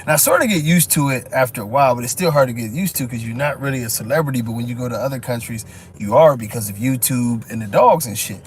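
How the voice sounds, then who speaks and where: Dude just shooting the breeze on a live stream, cussing and laughing, little bit of hiss behind him. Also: male voice, medium pitch, fast. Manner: loose, profane, laughs often, lots of "you know what I'm saying". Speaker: dog show judge and breeder telling stories. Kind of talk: casual live-stream storytelling.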